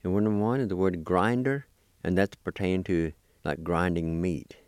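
A man with a very low, dark voice teaches vocabulary at an unhurried, careful pace. He spells each word letter by letter and repeats it. The sound is dry and close, with no room around it. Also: clear, resonant tone, no echo. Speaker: language teacher. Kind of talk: slow spelling and pronunciation lesson.

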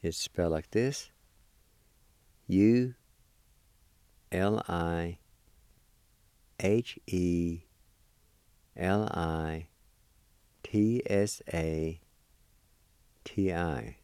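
A man teaching a language lesson, spelling words letter by letter and repeating each pronunciation slowly. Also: sits low, mellow, clean tone, no echo.

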